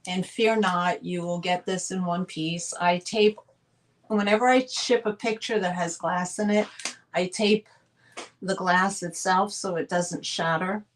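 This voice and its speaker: A woman with a lowish voice and fairly even intonation talks at a measured pace; the low-quality recording has a little hiss or hum. Hailing from the northern U.S., she hosts a live online sale, gushing chattily right to her viewers.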